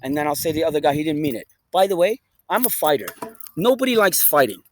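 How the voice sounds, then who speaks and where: Animated, foul-mouthed man rambling outdoors. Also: on the high side, fast, slight background noise, low-quality recording. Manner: swears constantly; rambling, preachy, emphatic. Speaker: vlogger. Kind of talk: rambling casual monologue. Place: outdoors in a park.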